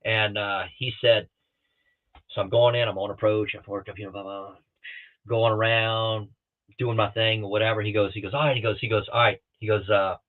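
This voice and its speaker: A middle-aged man from the Southeastern United States, a guest pilot on a podcast, telling stories with lively energy and acting out other people's lines. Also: on the low side, moderate pace. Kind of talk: storytelling in a podcast interview. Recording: thin phone-like remote call audio.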